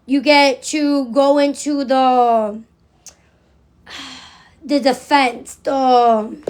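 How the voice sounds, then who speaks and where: A woman's voice: high-pitched, fairly even intonation, very slow, darkish tone, clean tone. A middle-aged woman ranting in a livestream monologue, blunt and profane, repeating phrases for emphasis.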